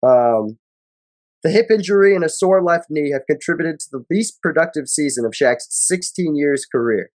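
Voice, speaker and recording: A man's voice: a little high, lively intonation, moderate pace, a little mellow. A man co-hosting a casual sports podcast, reading stats and quotes aloud in a loose, profane way. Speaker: podcast co-host.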